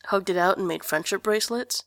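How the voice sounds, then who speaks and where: A woman's voice: medium pitch, brisk, a bit bright, no room sound, close to an everyday voice. Woman voicing Grantaire, dry sardonic young man. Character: sardonic young man, self-deprecating joker.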